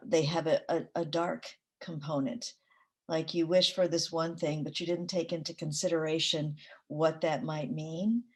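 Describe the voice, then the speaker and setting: A middle-aged woman poet talking in a reflective conversation, thoughtful, with many pauses and fillers and easy laughter. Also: low voice. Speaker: poet, interview guest.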